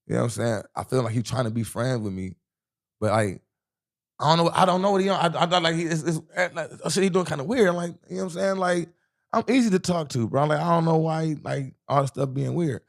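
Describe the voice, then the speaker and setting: A young Midwestern man with a highish voice, quick pace and vocal fry is a rapper guest in an interview. He tells a rambling, profane street story, often asking "you know what I'm saying."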